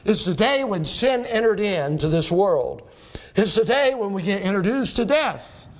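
A man's voice: sits high, very animated, unhurried. A man pastor preaching a sermon to his church, quoting scripture and building to emphatic peaks.

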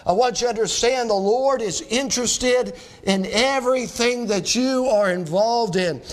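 Before a live audience in a church or school hall, a man preaches to students, pressing his points, repeating phrases and throwing questions at the crowd. His pitch is extremely high, his pace moderate.

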